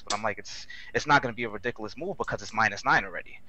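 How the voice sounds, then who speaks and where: Man, guest, fast talker, earnest, detailed explainer, muffled lo-fi line. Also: lowish voice, animated, bright, forceful tone, slight background noise. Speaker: guest player. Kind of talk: casual chat.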